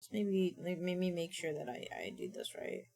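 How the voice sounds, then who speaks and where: A woman's voice: fairly low pitch, big pitch swings, moderate pace, gravelly, dark tone. A woman streamer chatting casually and thinking aloud, often mumbling to herself at a desk microphone. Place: home streaming setup.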